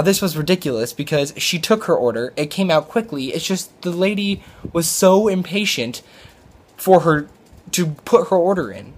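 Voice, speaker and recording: A young man who works as a restaurant server, telling a story in a casual, rambling way, with frequent fillers and restarts. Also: on the high side.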